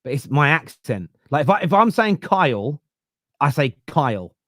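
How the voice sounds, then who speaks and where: A man's voice: fairly high pitch, sing-song, normal speed, fairly bright tone, dry recording. Southern english guy hosting a football pod, argues it through, restarts a lot, dry close mic. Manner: argumentative, reasoning aloud with frequent restarts. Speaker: podcast host. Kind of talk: casual chat.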